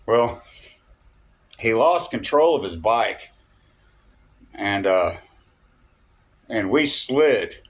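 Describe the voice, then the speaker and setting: A man's voice: lowish voice, lively intonation, drawn-out words, pauses often. A man telling a rambling personal story, chuckling often and checking in with "okay?". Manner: chuckling, loose and digressive, peppered with "okay?" and "uh".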